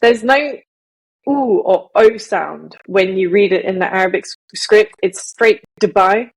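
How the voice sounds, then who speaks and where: A woman's voice: mid-range voice, measured pace, vocal fry, husky, poor audio. A woman from Malaysia, co-hosting a podcast in casual chat, explaining things at length in a chatty way. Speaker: podcast co-host.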